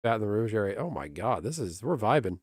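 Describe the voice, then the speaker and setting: A man's voice: on the low side, very animated, fairly quick, darkish tone, slightly rough, dry recording, studio quality. A man streaming and chatting casually with viewers in a rambling way, often laughing. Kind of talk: casual livestream chat.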